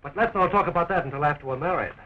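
An actor playing a wisecracking young man who talks in quick joking patter while fighting to free his fiancée, from a dull old film soundtrack. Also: on the high side, sharp tone. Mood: tender.

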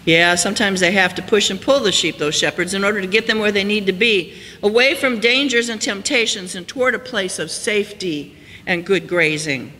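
A man with a high, bright voice preaches a storytelling sermon from the pulpit, swinging between ringing emphasis and hushed, slowed lines. His voice carries a long church-hall reverb with a faint hiss underneath. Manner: storytelling, rises high and loud for emphasis then drops soft and slow. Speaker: pastor. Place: church sanctuary.

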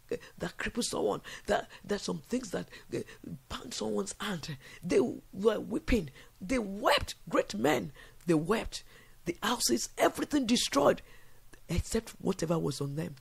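A man preaches at a prayer vigil with a high, gravelly voice that turns husky at the edges. He drives his points home through repetition, lifting them into loud declarations. His delivery is fervent, and he prays over his listeners as he goes. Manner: rising to loud declarations, repeats phrases.

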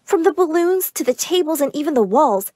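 A woman narrating an animated first-person story in an earnest storytelling manner. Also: high voice, brisk, dry recording.

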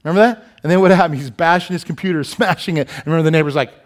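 A man preaching a sermon as pastor in a church, animated and joking, asking the congregation many questions. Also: fairly high pitch, very fast. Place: church sanctuary.

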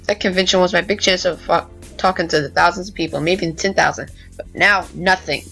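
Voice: medium pitch, steady tone, fairly quick, gravelly, sharp tone, breathy edge, faint music behind, full character voice. A performer voicing a melodramatic male cat running for senator, amateur cartoon voice acting. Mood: despairing. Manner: self-pitying, melodramatic.

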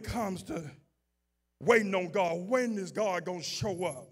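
A man preaching a sermon as pastor, moving from low, conversational talk to shouted, fervent preaching. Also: expressive, a little slow, faint music behind.

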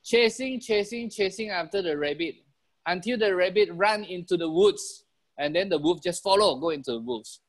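Over a video call, a man with a Malaysian English accent delivers an animated motivational business talk, chuckling and repeating key phrases. His voice sits high and moves at a normal speed.

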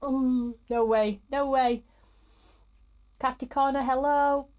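A woman's voice: sits high, fairly even intonation, takes it slowly, muffled recording. Chatty woman, upbeat live host. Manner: upbeat, greets viewers by name. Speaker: host of a live craft stream. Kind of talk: chatty live-stream presenting.

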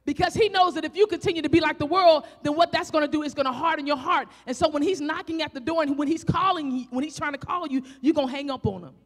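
Speaking fast with few pauses, a high-voiced Southern woman preacher with a country accent delivers a fervent sermon in an echoey church sanctuary. She asks rhetorical questions, breaks into shouts, and stretches out scripture readings.

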